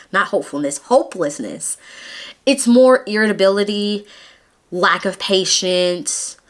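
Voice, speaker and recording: A woman's voice: medium pitch, a bit bright. A young woman vlogging her personal testimony, earnest and emotional, close to tears at times.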